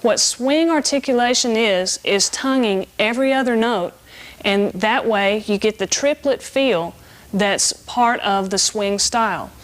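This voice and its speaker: A middle-aged woman giving a saxophone lesson, explaining clearly and patiently in an instructional tone. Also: fairly high pitch, a little slow. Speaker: saxophone teacher.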